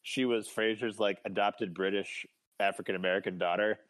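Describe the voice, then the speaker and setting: A man's voice: lowish voice, steady tone, normal speed, fairly bright tone. A man co-hosting a podcast in casual chat, rambling through stories with chuckles. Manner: rambling storyteller, many restarts and chuckles. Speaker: podcast co-host.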